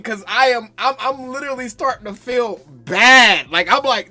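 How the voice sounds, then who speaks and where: A man's voice: very high voice, measured pace, bright, forceful tone, no echo, faint music behind. A man with a daughter in second grade, ranting animatedly about his team and laughing through exaggerated mock grief. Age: adult parent. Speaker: sports fan commentator. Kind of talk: casual fan rant to camera.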